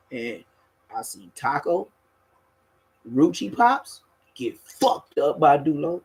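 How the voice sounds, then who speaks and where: Husky-voiced Los man telling stories. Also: a little high, takes it slowly, pauses often, rough recording. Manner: animated, profane, laughs mid-story, acts out other people. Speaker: storyteller. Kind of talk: casual street storytelling.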